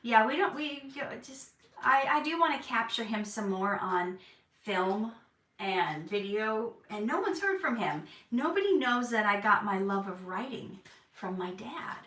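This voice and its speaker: Woman, thirties, live-stream host, chatty and jokey, bright voice in a roomy room, mic a bit far off. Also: a little high, sing-song, unhurried. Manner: chatty, reads out viewer comments, jokey.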